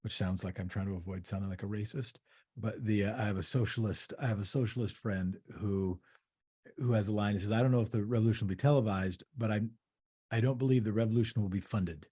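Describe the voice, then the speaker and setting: A man's voice: fairly low pitch, quick pace, mellow, slightly rough. A man hosting a podcast interview, asking probing questions in a conversational way and often restarting his phrases. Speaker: podcast host.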